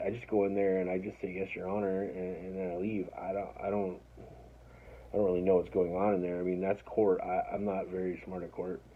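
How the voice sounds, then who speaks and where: Casting: low-pitched man, loose profane storyteller, tinny phone-quality sound. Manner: rambling, profane, self-deprecating, with many restarts. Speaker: storyteller recounting his life. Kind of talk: casual first-person storytelling. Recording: tinny phone-like audio with faint noise.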